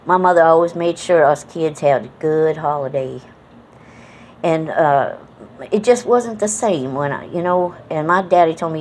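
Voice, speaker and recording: A woman's voice: low-pitched, a little slow, darkish tone, slight background noise. A middle-aged woman from New England with an accent mixing Southern and Northern American, rambling in a folksy, casual way with many fillers. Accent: mixed Southern and New England American. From New England, United States. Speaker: vlogger. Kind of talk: casual reminiscing monologue.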